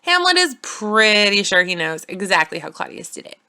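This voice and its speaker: A woman's voice: medium pitch, very animated, normal speed, bright, forceful tone, clean tone. A young woman narrating a playful, silly retelling of a classic story, with casual slangy asides.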